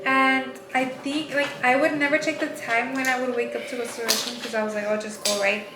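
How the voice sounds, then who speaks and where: High-voiced young woman, halting storyteller. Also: little pitch movement, music in the background. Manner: halting, many fillers and restarts. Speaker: vlog co-host. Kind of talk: casual storytelling. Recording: echoey room with clear background noise.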